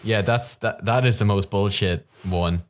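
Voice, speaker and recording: Deep-voiced man with dry sarcasm. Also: unhurried. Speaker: podcast host. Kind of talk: casual chat.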